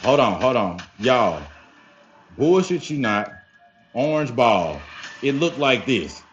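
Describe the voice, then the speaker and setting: A young man telling a story casually to his viewers, animated and profane, often calling them y'all. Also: mid-range voice, slow pace. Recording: slightly dull lo-fi sound with faint music.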